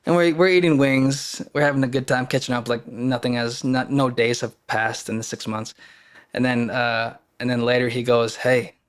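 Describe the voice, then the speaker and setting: A man's voice: mid-range voice, steady tone, normal speed, clean tone. A man, a podcast guest, telling a personal story in a casual, earnest and openly emotional way.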